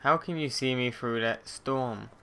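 A man's voice: mid-range voice, unhurried, creaky, a bit bright, clear, resonant tone. A young man commentating on his gameplay, muttering and swearing at the game in frustration. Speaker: let's play gamer.

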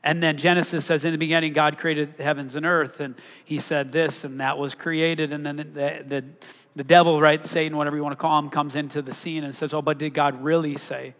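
A man preaching to a congregation, his fairly high voice climbing and pushing on the words he wants to land. He keeps turning to the room with questions. A long hall reverb trails behind every line. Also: little pitch movement, brisk, fairly bright tone. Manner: emphatic, rising on key words, asks the congregation questions. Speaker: pastor. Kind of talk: sermon. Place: church sanctuary.

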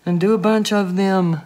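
A woman's voice: mid-range voice, a little mellow. Gushing woman crafter talking to camera. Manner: gushing, keeps exclaiming with delight. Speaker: craft artist showing her paint pour. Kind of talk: casual talk to camera while crafting. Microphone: camera mic, camera moved by hand at times.

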